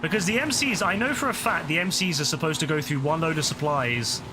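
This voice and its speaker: Over music, a tired man streams a game in a slightly high voice at a slightly fast pace. He exclaims in frustration, talking to himself and to the game, as his voice begins to break. Game sounds are clearly audible behind his live commentary.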